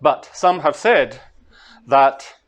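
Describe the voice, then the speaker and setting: A Scottish man giving a master class on translation, talking to students in a lively way and chanting rhythms aloud. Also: medium pitch, very slow. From Scotland. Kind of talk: lecture to students. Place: lecture hall.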